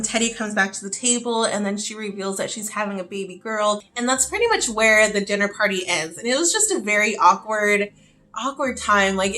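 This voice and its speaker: A woman's voice: mid-range voice, bright, forceful tone. A woman beauty vlogger chatting casually through a get-ready-with-me video, talking in a loose, chatty way full of "like" fillers. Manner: chatty, heavy use of "like" fillers.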